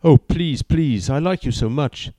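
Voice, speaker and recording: A man's voice: medium pitch, very animated, measured pace, warm tone, dry recording, clean studio sound. A man doing an eager, coaxing young suitor. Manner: wheedling, begging.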